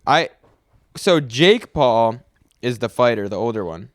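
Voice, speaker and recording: A man's voice: medium pitch, animated, measured pace, no echo, clean studio sound. Joking young man co-hosting a podcast. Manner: jokey, trails off mid-sentence, puts on silly voices. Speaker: podcast co-host. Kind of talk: casual chat.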